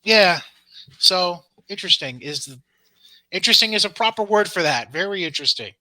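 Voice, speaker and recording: A man's voice: high voice, moderate pace, no echo. A man co-hosting a casual wrestling podcast, profane and teasing as he runs through the news. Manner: profane, teasing, lively storyteller. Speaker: podcast co-host.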